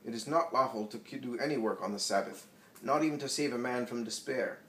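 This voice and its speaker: A man's voice: medium pitch, a little fast, a bit bright, natural voice. A man voicing a trembling, greedy old male scribe who stammers and shrieks curses, recorded in an echoey room from a distance. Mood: stiff, pedantic. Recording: echoey room, distant mic, faint hiss.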